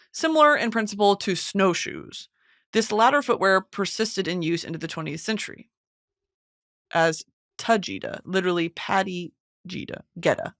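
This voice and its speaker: A woman hosting a podcast in casual chat, excitable and swearing freely, on a close studio mic. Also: medium pitch, no room sound. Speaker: podcast host.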